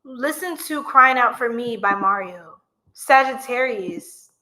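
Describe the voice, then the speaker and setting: Here the same kind of casual live-stream chat comes in a slow, animated delivery with a sharp tone and fairly high pitch. The young woman reads tarot for her viewers, joking around, breaking into bits of song, and running slightly short of breath.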